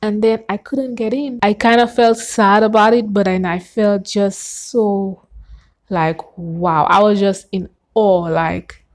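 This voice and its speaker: A woman telling her personal faith testimony in an earnest, animated way, gasping and acting out what she said back then. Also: mid-range voice, takes it slowly. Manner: earnest and animated, with gasps and acted-out quotes.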